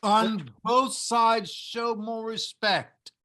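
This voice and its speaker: An actor playing an old Roman patrician who pleads for calm in a declamatory way. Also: medium pitch, drawn-out words. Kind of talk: stage play reading.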